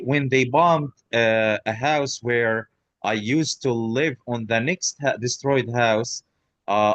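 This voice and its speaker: A man, a podcast guest telling his own story in halting speech full of restarts and blunt swearing. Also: mid-range voice, no room sound, dull audio. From Gaza. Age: 30s. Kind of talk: personal account in an interview.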